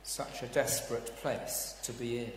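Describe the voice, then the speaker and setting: Male preacher, unhurried, dramatic swings from hushed to loud, big echoey church sound. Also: mid-range voice, steady tone, a little hiss or hum. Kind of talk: sermon. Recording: echoey hall, heard from a distance.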